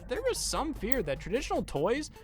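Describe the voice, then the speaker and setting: A man giving scripted comedic narration with deadpan, sarcastic delivery. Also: very high voice, normal speed, soft background music. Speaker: video essayist.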